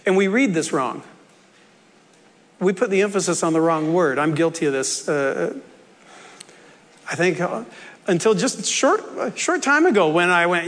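A man's voice: high-pitched, lively intonation, unhurried, long pauses, fairly bright tone, big-room sound. A man preaching a sermon in an earnest, conversational way, with asides and jokes, in a church.

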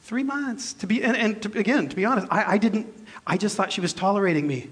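With a high-pitched voice, a breathy edge, and a quick pace, a man in his fifties delivers a sermon. Preaching as a pastor, he shares a personal anecdote with self-deprecating jokes, his delivery animated and shifting between loud and quiet moments.

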